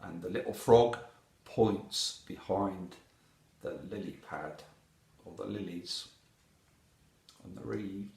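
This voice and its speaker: Guy reading a kids picture book aloud, slow and bouncy, echoey room. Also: low voice, creaky. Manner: animated, asks the listener questions. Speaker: storyteller.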